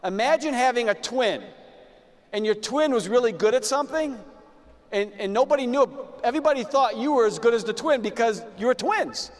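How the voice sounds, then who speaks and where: Male business speaker, higher register, anecdotal delivery, reverberant hall. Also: brisk. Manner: storytelling, repeats words, acts out his own past lines. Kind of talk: motivational talk to an audience. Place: large room with live audience.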